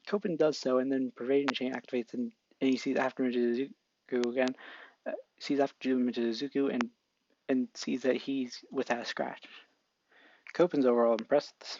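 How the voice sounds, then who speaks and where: A young man narrating an improvised fan story in a halting, casual way with many restarts. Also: mid-range voice, little pitch movement, a little mellow, no echo. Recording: dull lo-fi mic.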